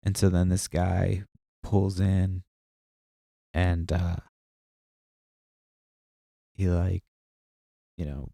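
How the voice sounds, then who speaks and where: A man's voice: low-pitched, flat delivery, extremely slow, vocal fry, long pauses, dark tone, no room sound, studio quality. A young man with a stuffy nose, hosting a podcast as a rambling, profane casual monologue full of fillers. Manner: profane, meandering storytelling with many fillers. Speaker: podcast host.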